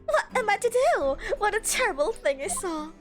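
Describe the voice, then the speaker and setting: A woman voicing a dramatic, flustered female witness with a vague, half-French put-on manner, delivered theatrically and haltingly. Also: extremely high pitch, very animated, soft background music, voice pushed up.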